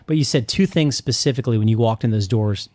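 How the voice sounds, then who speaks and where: A man's voice: medium pitch, fast, a little mellow, no echo. A man hosting a podcast interview, enthusiastic and jokey, often jumping in with comments. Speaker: podcast host. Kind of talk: casual interview chat. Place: on-site in a coffee shop.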